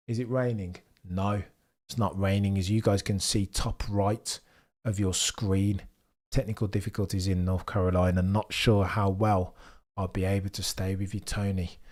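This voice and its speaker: A man's voice: on the low side, a little mellow. A man with a mild Birmingham accent hosting a casual live watchalong, chatting with viewers, reading their comments aloud and adding wry asides. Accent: Birmingham (Brummie), mild. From England, Birmingham area. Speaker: livestream host.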